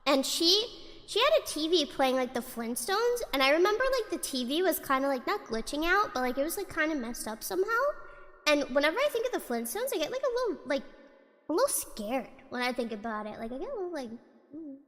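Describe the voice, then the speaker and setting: A woman's voice: sits high, very animated, a little fast, fairly bright tone, long reverb tail. A woman streamer reading a spooky story aloud in a casual way, giggling often and breaking off to chat.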